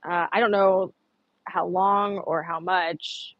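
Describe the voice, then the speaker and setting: A woman's voice: on the low side, steady tone, takes it slowly, highs cut off. A woman chatting casually on an outdoor livestream, rambling and answering viewer comments. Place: outdoors on a humid morning.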